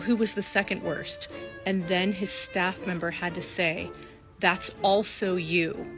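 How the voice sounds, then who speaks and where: Woman with gravelly voice, gleeful and mocking, music under her. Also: mid-range voice, poor audio. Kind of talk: casual chat to camera.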